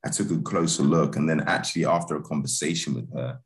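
A man, a film director, chatting in a relaxed interview, laid-back with many restarts and fillers. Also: extremely low pitch, fast.

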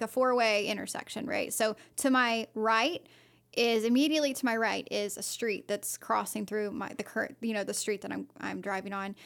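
A woman's voice: a little high, a bit bright. A woman casually telling a personal story on a podcast, rambling with lots of fillers and restarts. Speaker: podcast co-host.

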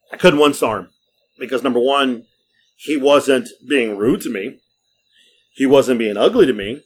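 Profane, lively man telling stories. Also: medium pitch, slow pace, long pauses, breathy edge. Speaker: podcast host. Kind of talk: casual storytelling.

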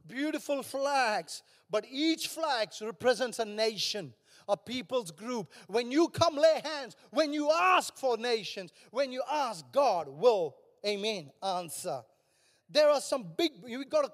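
An older man preaching with fervor, his voice unusually high for a man and climbing into shouts as he presses his point. The sound rings with a long reverb, as in a large church hall. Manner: passionate, rising to shouts. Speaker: pastor. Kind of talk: sermon.

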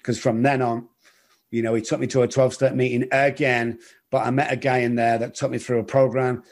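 A middle-aged man telling his recovery story in an interview, earnest and halting, often repeating words. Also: medium pitch, level tone, darkish tone. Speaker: guest in recovery.

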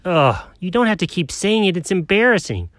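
A prickly, secretive squirrel, voiced by a man, pushes and gets defensive fast. His voice runs high and lively in a dry homemade comedy skit. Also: no room sound. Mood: embarrassed.

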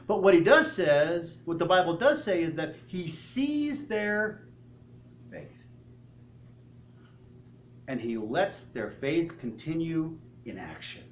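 A male pastor preaching a sermon, telling the story in an animated way and asking the congregation questions. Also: sits high, slight background noise. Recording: echoey hall, faint ambience.

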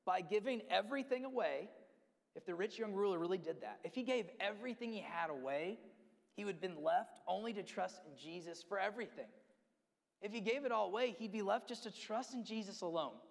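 A man's voice: high voice, creaky. A man preaching a sermon, emphatic, acting out quotes and repeating key words. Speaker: pastor. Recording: long hall reverb.

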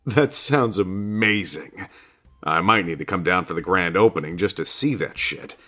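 A man's voice: low-pitched, fairly quick, pushed and bright, voice pushed down. A man voicing a laid-back, foul-mouthed male God who talks like a casual bro, coaxing and swearing freely. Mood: joking. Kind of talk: audiobook character reading.

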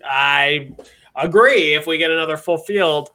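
A man's voice: fairly high pitch, a little slow, pushed and bright. A man hosting a casual chat, steering the talk and rambling a little. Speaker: podcast host.

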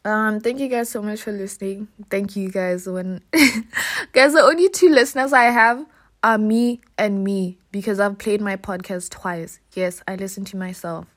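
A woman's voice: mid-range voice, steady tone, unhurried, fairly bright tone. A young woman hosting a casual solo podcast into her phone, chatty and self-mocking, laughing often. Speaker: podcast host.

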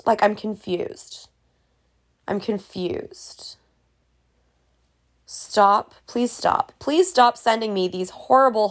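A young woman casually ranting to camera in a vlog, profane and exasperated. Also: a little high. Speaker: vlogger.

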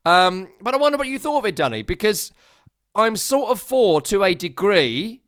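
A man's voice: sits high, sing-song, normal speed, a bit bright, dry recording. Chatty wry man, dry close sound. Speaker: podcast co-host. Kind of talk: casual football chat.

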